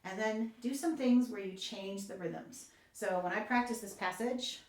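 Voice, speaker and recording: A woman's voice: medium pitch, unhurried, a little mellow. A woman oboe professor giving an encouraging, explanatory music lesson. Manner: encouraging, explanatory, with light laughs. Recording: echoey room.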